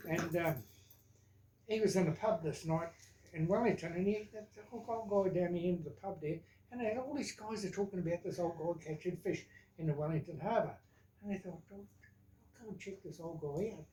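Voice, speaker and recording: A man's voice: sits high, brisk, warm tone. Older man, new zealand accent, rambling family yarns, echoey room. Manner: rambling yarn-spinner with asides like "right?" and "eh?". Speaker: father telling family stories. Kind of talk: casual storytelling.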